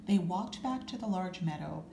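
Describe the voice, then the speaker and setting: A woman reading a children's storybook aloud, calm and unhurried, adding small asides. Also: lowish voice, creaky, a little hiss or hum. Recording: roomy echo.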